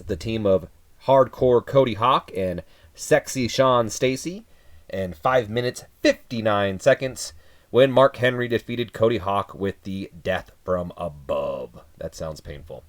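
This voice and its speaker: A man giving casual game commentary, reading off results with dry, wry asides. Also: mid-range voice. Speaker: let's play commentator.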